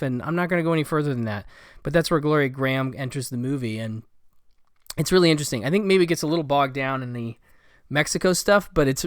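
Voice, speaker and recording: Male film reviewer, casual and digressive, smooth resonant tone, dead-dry recording. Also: mid-range voice, no room sound. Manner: rambling, with many fillers and asides. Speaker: film collector reviewing a Blu-ray set.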